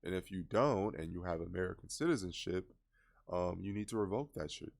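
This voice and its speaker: A man's voice: low voice, animated, brisk, vocal fry, a little mellow. A man giving casual reaction commentary on a movie trailer, scoffing and exasperated as he critiques it.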